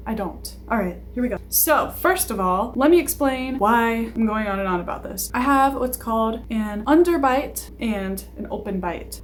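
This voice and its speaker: A young woman with a slightly high voice rants casually to her camera. She rambles and jokes at her own expense, breaking off for asides and sighs as she goes. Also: a little hiss or hum. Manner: chatty, self-deprecating, rambling with asides and sighs. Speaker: vlogger.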